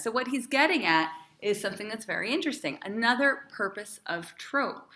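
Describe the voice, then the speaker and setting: A woman's voice: a little high, animated, fairly quick, sharp tone, echoey room. A woman cantor teaching a class, chatty and encouraging, asking her students questions. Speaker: cantor teaching Torah cantillation.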